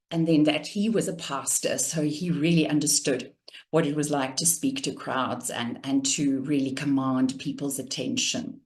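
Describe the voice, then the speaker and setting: A woman communication coach giving an instructional talk in a measured, deliberate cadence, demonstrating intonation with her own voice. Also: extremely low pitch, steady tone, darkish tone.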